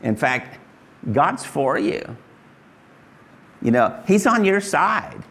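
A man's voice: very animated, takes it slowly, vocal fry, fairly bright tone. An older man from Kansas, giving an earnest, folksy testimony sermon as a pastor. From Kansas, USA. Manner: earnest, folksy, rises high when voicing Jesus.

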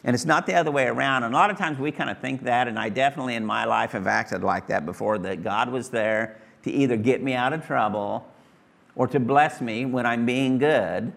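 A man's voice: mid-range voice, fairly quick, gravelly, a bit bright. A middle-aged man preaching a sermon to his congregation in a folksy, conversational way, repeating his phrases. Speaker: pastor. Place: church hall with congregation.

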